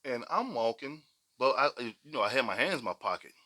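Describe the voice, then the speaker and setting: A man's voice: mid-range voice, sing-song, brisk, bright, forceful tone. A middle-aged man, telling stories on a podcast in a slangy, emphatic way and repeating points for weight. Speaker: podcast co-host. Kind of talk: casual podcast storytelling.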